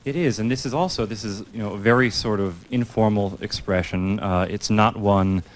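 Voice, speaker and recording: Low-ish voice guy on a panel, calm, explains stuff matter of fact. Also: moderate pace. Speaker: panel guest. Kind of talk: panel discussion.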